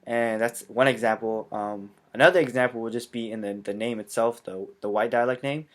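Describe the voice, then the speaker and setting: A man whose first language is Hmong, explaining in a casual, halting way with frequent filler sounds. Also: mid-range voice, fairly even intonation.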